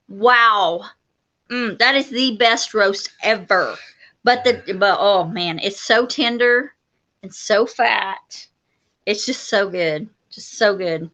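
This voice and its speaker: A woman's voice: mid-range voice, takes it slowly, pushed and bright. A woman co-hosting a homestead livestream, chatting casually and enthusiastically with lots of yeahs. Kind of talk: casual live-stream chat.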